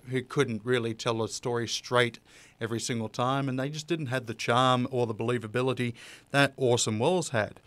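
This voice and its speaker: A man talks loosely and conversationally as a host, mid-pitched and smooth, with the odd filler and restart. The sound is close and dry, with no room around it. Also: no room sound. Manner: chatty, with fillers and restarts, laughing easily. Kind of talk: casual unscripted monologue.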